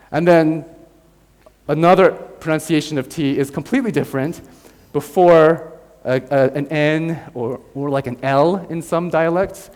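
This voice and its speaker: An American man giving a university lecture. He explains step by step, demonstrates sounds aloud and keeps checking in with "right?". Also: fairly high pitch. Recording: long hall reverb.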